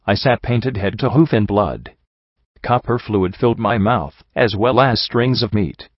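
A man reading a first-person story aloud in a steady, grim way. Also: lowish voice, a little slow, dry recording. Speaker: audiobook reader. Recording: dull lo-fi recording.

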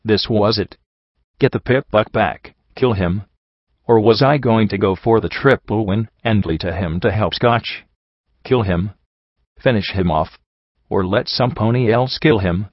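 A man voicing a weary, soft-hearted female pony heroine in an even, gentle voice. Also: on the low side, unhurried, no echo. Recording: dry, slightly dull home recording.

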